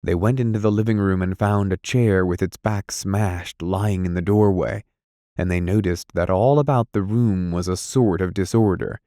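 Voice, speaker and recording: A man narrating a classic novel in a measured, deliberate reading. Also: low voice, mellow, no echo, clean studio sound. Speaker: audiobook narrator. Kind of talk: scripted narration.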